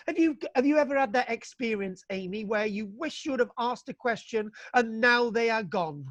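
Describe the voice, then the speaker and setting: A man's voice: very high voice, expressive, normal speed, hardly any pauses, fairly bright tone, no echo. A man lecturing on local history over a video call in a chatty, folksy way, with many fillers and restarts. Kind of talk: online illustrated history lecture.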